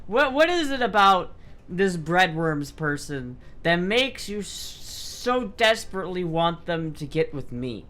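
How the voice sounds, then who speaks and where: A young man livestreaming, chatting casually and reading chat aloud in a loose, profane, animated way. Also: sits high, measured pace. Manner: loose, profane, animated, with frequent restarts and laughs. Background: faint background music.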